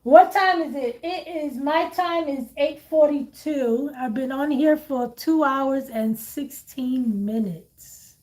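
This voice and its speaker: A woman hosts a relaxed live stream as a tarot reader and chats freely with her viewers. She tells stories at length and laughs easily. Her voice sits a little higher than most women's. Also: slow, few pauses. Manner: chatty storytelling, laughs often. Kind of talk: casual live-stream chat.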